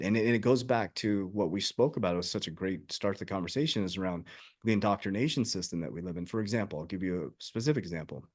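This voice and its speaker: A man's voice: fairly low pitch, fast. A man who works as a life coach, talking earnestly and emphatically in a podcast conversation.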